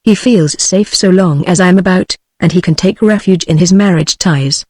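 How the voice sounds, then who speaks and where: A text-to-speech woman's voice with a British English accent, reading a novel aloud in an even, machine-like delivery. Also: on the low side, normal speed, no echo, clean studio sound. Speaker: audiobook narrator.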